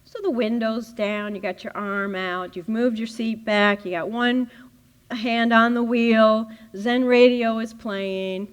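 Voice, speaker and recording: A woman giving a spiritual teaching talk, animated and laughing often as she acts out little scenes. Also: a little high, unhurried. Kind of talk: playful teaching talk with acted-out inner dialogue.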